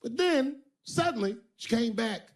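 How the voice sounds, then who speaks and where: Stand-up comic guy, swears a lot, super animated voice going all over. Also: extremely high pitch, unhurried. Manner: animated, profane, theatrical. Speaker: stand-up comedian. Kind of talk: stand-up comedy storytelling.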